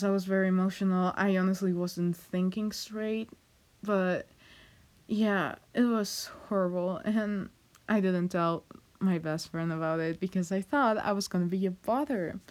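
Slow-spoken, emotional young woman. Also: mid-range voice. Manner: hesitant and halting, many fillers, nervous little laughs. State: emotional, close to tears. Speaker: vlogger. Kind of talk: confessional personal vlog.

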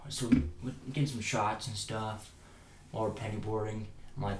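A man's voice: lowish voice, little pitch movement, normal speed. Young man rambling in a roomy space. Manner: laughing, rambling daydream storytelling. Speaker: podcast co-host. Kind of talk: casual chat. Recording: roomy with faint noise.

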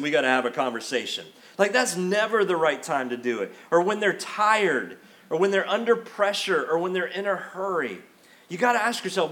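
In a church sanctuary, a middle-aged pastor with a high, somewhat bright voice delivers a sermon. He's conversational yet emphatic, acting out quotes in the middle of his points.

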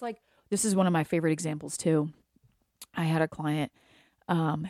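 A woman's voice: low voice, darkish tone, no echo, clean studio sound. A woman in her thirties, a hairstylist, talking candidly in a casual monologue, swearing freely and laughing often. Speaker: hairstylist and salon owner.

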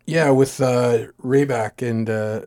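A man's voice: medium pitch, fairly even intonation, takes it slowly, a little mellow. A man in a casual chat who patiently prompts his friend with questions and quizzes him on details. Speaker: co-host asking questions.

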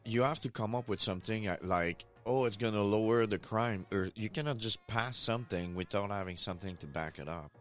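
A man's voice: fairly low pitch, soft background music. A man from Quebec with a Québécois French accent, talking casually with many fillers and swears. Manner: halting, full of fillers, swearing. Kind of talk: casual chat.

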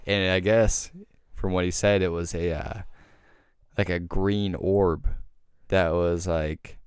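A podcast host telling a story in casual chat, rambling and swearing often. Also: male voice, low voice, steady tone, slow, clean tone, no room sound, clean studio sound. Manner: rambling, profane, heavy filler words.

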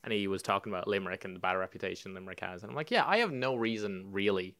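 A man with an Irish accent, co-hosting a casual podcast, teasing and cracking deadpan jokes. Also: deep voice, rapid-fire, no echo, clean studio sound. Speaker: podcast co-host.

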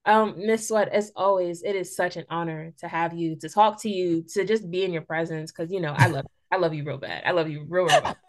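A woman's voice: fairly low pitch, a little fast, few pauses. Young woman hosting, gushing thanks. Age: 20s. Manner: gushing, grateful, with fillers. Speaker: podcast host. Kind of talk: casual podcast chat.

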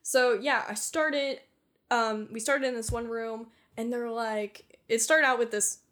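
A woman's voice: a little high, steady tone, a little slow, fairly bright tone. Giggly, swearing woman podcast host. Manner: giggly, swears freely, heavy use of "like". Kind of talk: casual chat.

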